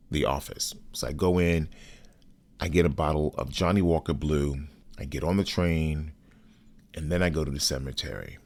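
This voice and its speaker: A man and podcast host recounting a personal story in a measured, deliberate way, cursing bluntly at times. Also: extremely low pitch, a little mellow.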